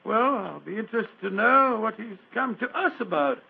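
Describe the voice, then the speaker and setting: A bluff, hearty doctor in a 1940s radio play, stammering out his exclamations. The voice sits high and has a gravelly rasp. The sound is a tinny old broadcast with a faint hiss. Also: expressive, normal speed, full character voice. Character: Doctor Watson, bluff, hearty male companion.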